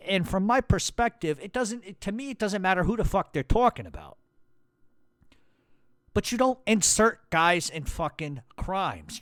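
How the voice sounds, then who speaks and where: In a studio-quality recording with no room sound, a high-voiced man with a New York accent hosts a podcast. He launches into a blunt, angry rant packed with swearing.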